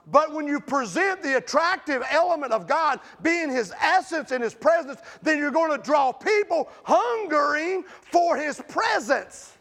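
A man preaching a sermon with passion, swinging between loud outbursts and hushed storytelling. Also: very high voice, animated, unhurried, hardly any pauses.

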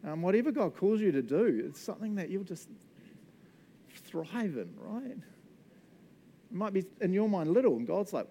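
A man giving a casual, animated sermon, laughing often and acting out voices. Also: high voice, moderate pace, creaky, slight background noise. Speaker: preacher.

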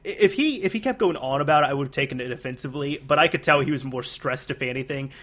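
A young man in casual chat, an animated storyteller who laughs often and uses many fillers. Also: medium pitch, quick pace.

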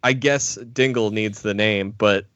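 A man's voice: fairly low pitch, steady tone, measured pace, a bit bright, no room sound. A man co-hosting a podcast in casual chat, easygoing and often laughing. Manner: laughing, easygoing, hands over segments. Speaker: podcast co-host. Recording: dry, slightly dull podcast mic.

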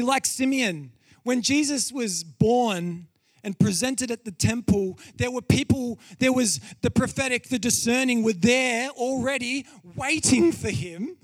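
A man preaching a sermon, telling stories with lively acted-out quotes and dropping low and quiet for solemn points. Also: no room sound, clean studio sound. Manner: animated storytelling, acts out quotes with laughs.

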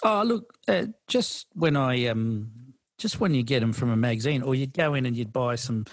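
A man's voice: mid-range voice, lively intonation, normal speed, no echo. A middle-aged man co-hosting a podcast, chatting casually with lots of fillers and restarts. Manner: rambling, full of fillers and restarts. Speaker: podcast co-host. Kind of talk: casual chat.

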